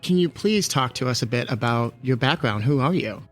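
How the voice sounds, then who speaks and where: A man's voice: mid-range voice, lively intonation, brisk, a bit bright, soft background music. A man hosting a podcast in casual chat, upbeat and welcoming toward his guest. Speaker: podcast host.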